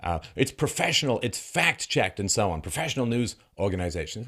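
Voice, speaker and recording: A man's voice: fairly low pitch, big pitch swings, brisk, bright, forceful tone, husky. A man giving solo political commentary in a sarcastic, mocking way, laughing often and putting on voices for the people he quotes.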